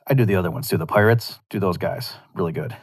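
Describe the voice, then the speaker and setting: A man's voice: sits low, fast talker, creaky, husky, no room sound, clean studio sound. A man hosting his podcast, talking casually in a rambling way, with frequent restarts and wry asides. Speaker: podcast host. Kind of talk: casual monologue.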